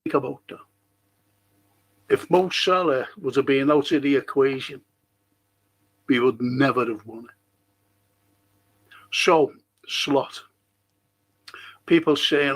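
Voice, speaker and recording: A man's voice: medium pitch, slow, pauses often. A man joining a football fan live chat, arguing his point and mocking the opinions of others. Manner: argumentative, mocks others' opinions.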